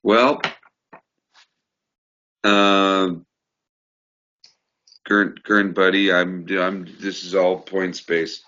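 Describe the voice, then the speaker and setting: A man's voice: low-pitched, flat delivery, drawn-out words, pauses often, bright, forceful tone, slight background noise. A man co-hosting a fantasy football recap, joking and teasing in casual chat. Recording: dull lo-fi recording.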